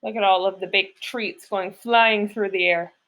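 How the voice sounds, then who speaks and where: A woman reading a children's picture book aloud in an expressive, storytelling way. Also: mid-range voice, normal speed. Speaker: storybook reader.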